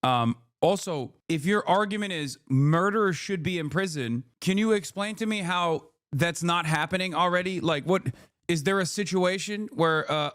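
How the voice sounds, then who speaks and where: A man on a live stream tears into an interview clip with sarcastic, ranting commentary. His voice sits a bit high. The sound is dry and close, with no room around it. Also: a bit bright, smooth, dry recording.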